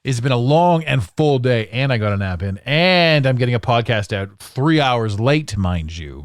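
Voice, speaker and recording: A man's voice: mid-range voice, sing-song, normal speed, few pauses, dry recording, clean studio sound. A tired man in his forties from Canada, ranting sarcastically in a rambling solo podcast monologue. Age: 40s. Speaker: podcast host.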